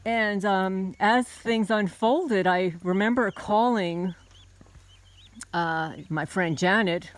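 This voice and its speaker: A middle-aged American woman talks straight to her viewers. She tells a personal memory in a loose, chatty way, with plenty of ums and false starts. Her voice sits at an ordinary pitch for a woman. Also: slow pace. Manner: conversational, with many fillers and restarts. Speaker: homesteading channel host. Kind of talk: personal storytelling to camera.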